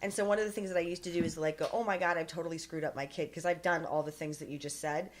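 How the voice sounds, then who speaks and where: A woman's voice: deep voice, fairly even intonation, racing. A middle-aged woman guest on a podcast who earnestly shares parenting advice from her own life. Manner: reflective, earnest advice-giver. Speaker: guest, author and filmmaker. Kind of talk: casual interview talk.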